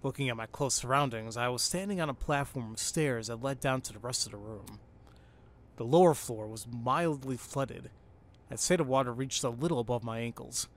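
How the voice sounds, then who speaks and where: A man hosting a let's play, reading a visual novel aloud with excitable, cursing commentary. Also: mid-range voice, normal speed. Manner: excitable, swears and exclaims at the game.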